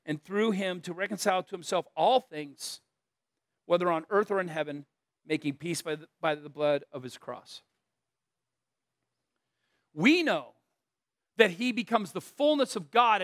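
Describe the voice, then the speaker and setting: A man's voice: high-pitched, a little slow, pauses often, fairly bright tone, no echo, clean studio sound. A middle-aged man preaching a conversational sermon, earnest but breaking into joking asides and self-deprecating stories. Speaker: pastor.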